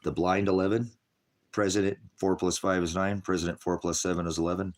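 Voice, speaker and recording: Very deep-voiced rambling male preacher. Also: flat delivery, brisk. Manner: rambling, chuckling, mocking put-on voices. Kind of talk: casual livestream preaching.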